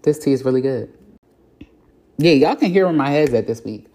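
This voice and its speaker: Woman with a really deep mellow voice, just talking it out on her podcast, candid and swears casually. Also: lively intonation, moderate pace. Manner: frank, reflective, with casual swearing and many fillers. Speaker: podcast host. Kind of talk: candid solo podcast monologue.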